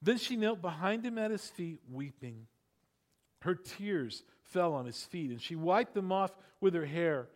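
A man's voice: sits high, lively intonation, measured pace. A man preaching a sermon in a conversational way, asking the congregation rhetorical questions and laughing at his own asides. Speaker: pastor.

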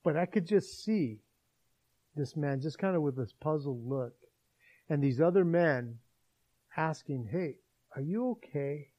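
A man preaching a sermon, retelling a Bible story as a lively storyteller. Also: a little high, measured pace, long pauses, highs cut off. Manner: animated storyteller acting out scenes.

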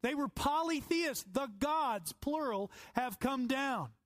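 A man's voice: extremely high pitch, animated, slow, no room sound. A man, a pastor preaching a sermon with earnest, emphatic stresses that climb on key words.

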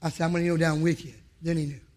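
A man's voice: on the high side, level tone, very fast, a little mellow. A man preaching a sermon to men, telling a personal story in an emphatic way and acting out past conversations. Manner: emphatic, acts out his own past dialogue.

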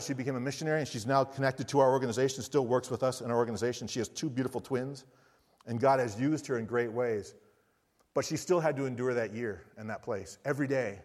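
A man, a missionary preacher, telling a personal story in an earnest sermon with frequent restarts. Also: mid-range voice. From United States. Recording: long reverb of a large hall.

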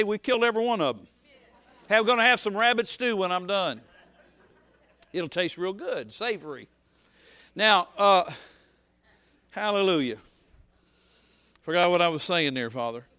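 Male pastor, high bright tone, dry close sound, folksy rambling sermon. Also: lively intonation, normal speed, pauses often, dry recording. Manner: folksy, rambling, swings from soft to shouting.

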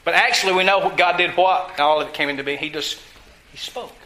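A man preaching a sermon, teaching from scripture with emphasis and putting questions to his listeners, drawing some words out slowly for stress. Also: a little high, pushed and bright, poor audio. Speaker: pastor.

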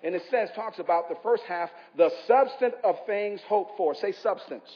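A man's voice: high-pitched, normal speed, long reverb tail, highs cut off. A man with an East Coast American accent preaching a sermon in a church, urging the congregation to respond aloud. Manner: impassioned preaching with call-and-response. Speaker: pastor.

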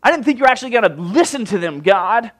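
A man's voice: high voice, very animated, fast talker, pitched above the performer's own voice. A man doing a whiny, resentful prophet. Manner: whiny, exasperated. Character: sulky grown man prophet, wanting control.

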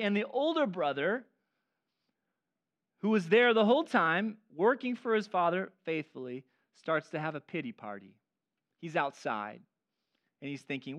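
A man preaching a sermon as pastor, animated and acting out the voices of people he quotes. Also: sits high, moderate pace.

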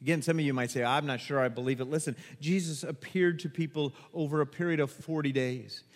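High-voiced pastor in a reverberant hall. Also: male voice, brisk. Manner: animated storytelling, acts out quotes, laughs at himself. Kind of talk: sermon with a personal story.

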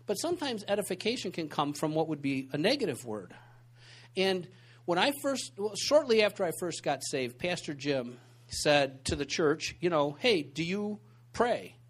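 A man with a notably high voice preaches to a church group in a relaxed, chatty way. He tells his stories with lots of asides and restarts, keeping the feel of an informal teaching session. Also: normal speed. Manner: conversational, animated storytelling with many asides. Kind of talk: informal sermon with storytelling. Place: church meeting room.

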